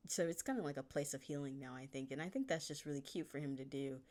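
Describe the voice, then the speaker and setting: Woman author with a deep, low voice, chatty and rambling, laughs a lot, casual swearing. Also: quick pace, darkish tone. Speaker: fan fiction author. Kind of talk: casual chapter discussion.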